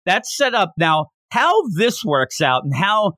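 A man hosting a podcast, recapping a manga chapter in a casual, animated way and acting out the characters' lines. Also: high-pitched, a little slow, dry recording, studio quality. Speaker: podcast host.

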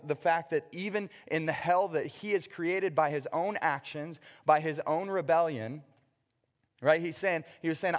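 A man in his thirties with a fairly high voice preaches in a casual, conversational way. He slips into acted-out scenes with sudden loud outbursts. The sound is a church hall with a long reverb trailing behind him. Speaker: pastor. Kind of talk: sermon.

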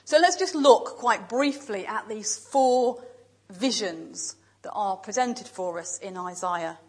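Husky-voiced woman preaching a sermon. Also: medium pitch, low-quality recording. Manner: measured, emphatic lists with pauses. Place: church.

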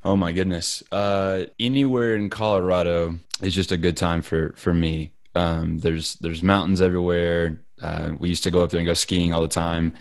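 A man's voice: low-pitched, flat delivery, normal speed, few pauses, dry recording, studio quality. A young adult man co-hosting a podcast, telling stories in a playful, rambling way. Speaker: podcast co-host. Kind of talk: casual podcast chat.

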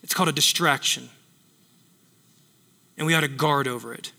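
Preacher guy, high bright voice, punchy and repeats himself, big echoey hall. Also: moderate pace, vocal fry. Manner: emphatic, repeats phrases for effect. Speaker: pastor. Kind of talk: sermon.

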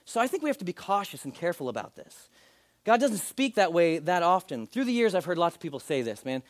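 A male pastor in his thirties giving a conversational sermon, slipping into quick acted quotes. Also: high-pitched, very animated, no room sound, clean studio sound.

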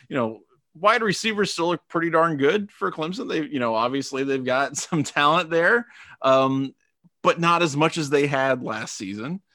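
A man co-hosting a sports podcast, giving measured, analytical takes and thinking aloud. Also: on the high side, pushed and bright, no room sound, clean studio sound. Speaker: podcast co-host.

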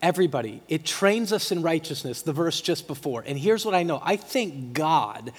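A man's voice: fairly high pitch, expressive, moderate pace, slightly rough. A middle-aged male pastor preaching a passionate, emotional sermon with emphatic repetition in a church. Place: church sanctuary. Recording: long hall reverb.

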